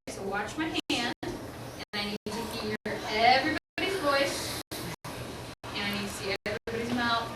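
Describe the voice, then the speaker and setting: A woman teacher leading a classroom lesson for children, giving clear call-and-response cues and encouraging her pupils. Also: on the high side. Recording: roomy classroom echo, distant mic, noisy.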